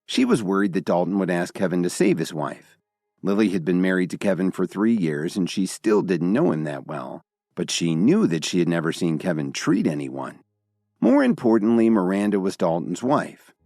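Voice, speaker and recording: A man's voice: low voice, big pitch swings, moderate pace, warm tone, no room sound, clean studio sound. A man narrating a dramatic story in scripted style, voicing every character himself. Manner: dramatic storytelling, all voices by one reader.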